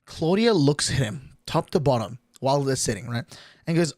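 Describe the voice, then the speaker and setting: In a medium-pitched, darkish voice with lively intonation and a moderate pace, a young streamer tells a story as an exasperated, casual rant. He swears and restarts constantly as he rambles, on a studio-quality recording with no room sound.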